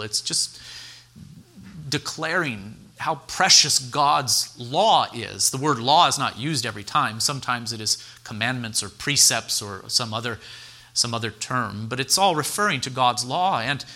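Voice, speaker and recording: Male pastor, bright and sharp voice, earnest teaching sermon, poses rhetorical questions. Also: mid-range voice.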